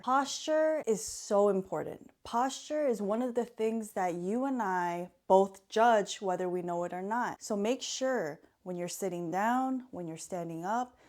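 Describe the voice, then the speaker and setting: Earnest young woman giving calm advice. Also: mid-range voice. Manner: calm, earnest, measured teaching. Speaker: mental health student giving advice. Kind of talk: self-help talk to camera.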